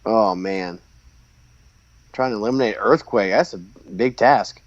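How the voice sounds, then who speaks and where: A man co-hosting a podcast, chatting casually while watching wrestling and reacting with excited outbursts and frequent laughter. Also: fairly low pitch, a little slow. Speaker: podcast co-host. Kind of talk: casual watch-along chat. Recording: dull lo-fi recording.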